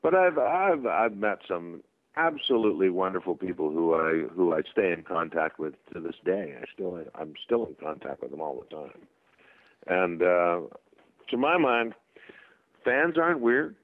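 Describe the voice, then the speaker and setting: A man being interviewed as a guest actor, telling anecdotes in a casual, animated way. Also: deep voice, normal speed, no room sound. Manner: animated anecdotes with voiced quotes and laughs. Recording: tinny phone line.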